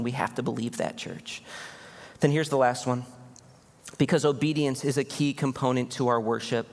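A male pastor giving a sermon in a church, animated and conversational, often asking the congregation questions. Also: mid-range voice, normal speed. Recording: long hall reverb.

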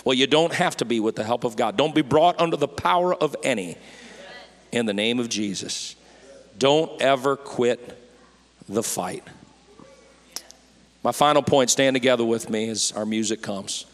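Male pastor, middle pitch, folksy and fervent sermon delivery, live in a reverberant church hall. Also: normal speed, pauses often. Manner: preaching with rising fervor, folksy asides and shouted peaks. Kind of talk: Pentecostal-style sermon. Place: church sanctuary.

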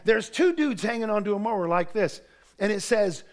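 A middle-aged man, preaching in church with folksy joking stories that build to shouted preaching. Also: high voice, lively intonation, normal speed. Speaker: pastor. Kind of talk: sermon.

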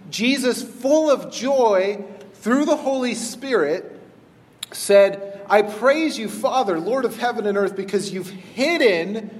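A man preaching a sermon in an animated, conversational way, acting out quick voices as he retells scripture. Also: sits high. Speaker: pastor. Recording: long hall reverb.

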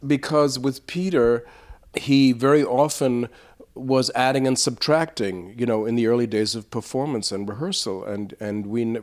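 A man recalling his theater touring days in an interview, storytelling with lively asides and frequent restarts. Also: medium pitch. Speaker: interviewed former puppet theater actor.

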